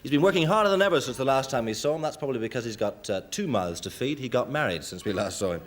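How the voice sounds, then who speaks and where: Brisk TV talent show host. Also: male voice, mid-range voice, expressive. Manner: brisk announcing. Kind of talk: live TV presenting.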